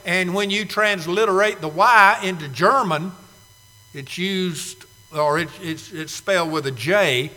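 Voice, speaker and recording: A male preacher delivering an emphatic sermon with dramatic pauses and loud bursts. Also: high-pitched. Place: church sanctuary. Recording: long reverb of a large hall.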